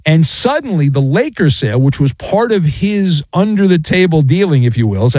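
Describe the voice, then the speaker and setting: A man's voice: on the high side, big pitch swings, moderate pace, a little mellow, dry recording. A man giving jokey, theatrical solo sports commentary. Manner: theatrical, jokey, mock sound effects.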